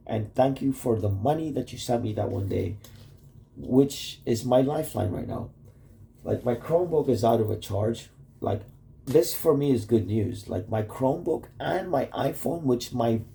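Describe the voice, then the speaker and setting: A man talks straight to camera in a loose, wandering video message to his wife. His voice sits at an ordinary middle pitch with a dark, mellow tone. He swears freely and keeps breaking off into "like" and half-finished thoughts. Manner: rambling, profane, full of "like" and restarts. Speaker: vlogger addressing his wife. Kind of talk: rambling casual video message.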